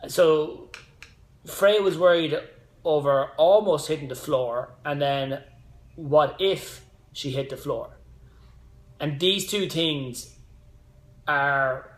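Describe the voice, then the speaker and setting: A man in his thirties, a fitness coach hosting a casual live stream, rambling with side notes and motivational asides. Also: on the high side. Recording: echoey room.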